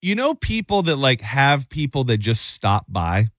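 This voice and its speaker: Young male co-host, mid-pitched, rambling and stammery, dry studio sound. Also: very animated, unhurried, fairly bright tone, dry recording. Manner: rambling, stammers and repeats himself, playful. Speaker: radio co-host. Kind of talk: casual morning-show banter.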